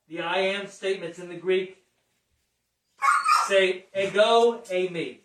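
A man preaching a sermon emphatically, swinging from hushed lines to raised ones. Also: high-pitched. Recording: echoey room, mic at a distance.

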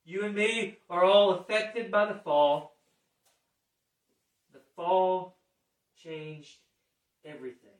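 A man delivering a sermon in a fairly high voice, slow and deliberate, building to forceful emphasis and then falling quiet. The sound is roomy and echoing, as though the mic sits some way off. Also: steady tone. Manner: emphatic, dramatic swings from hushed to raised. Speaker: preacher. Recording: echoey room, mic at a distance.

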